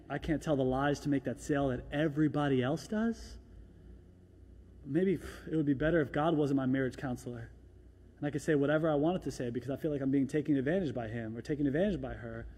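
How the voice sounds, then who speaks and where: A man preaching a sermon as pastor, moving from quiet, reflective lines to loud, fervent exhortation, and acting out doubters in a small hushed voice. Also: mid-range voice, a little hiss or hum. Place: large church hall. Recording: echoey church hall.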